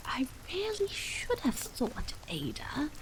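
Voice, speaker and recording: A woman voicing an anxious, strained wife and mother in whispered role-play, low and trembling. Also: huge pitch swings, takes it slowly, full character voice, rough recording.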